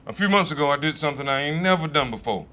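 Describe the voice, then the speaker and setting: A man in his fifties with a Southern American accent, doing a stand-up comedy set in a relaxed, conversational and profane way. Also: a little high, racing, slight background noise. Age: 50s. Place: comedy stage in front of a live audience.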